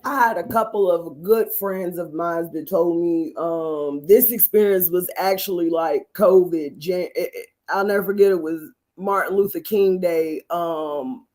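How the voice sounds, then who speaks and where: A woman's voice: on the low side, a little slow, darkish tone. A woman singer and actress, a guest on a live-stream interview, telling her story in an earnest, reflective way.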